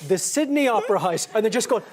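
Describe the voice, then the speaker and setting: A man's voice: sits high, expressive, fast, slight background noise. A middle-aged man hosting a chat show, teasing his guests with playful prompts. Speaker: talk show host.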